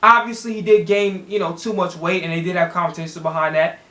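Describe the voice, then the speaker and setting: A man's voice: high voice, level tone, fast talker, fairly bright tone, echoey room. A man from Chicago talking straight to camera in a blunt, profane sports rant, full of restarts and heat. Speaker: sports vlogger. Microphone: camera in a home setup.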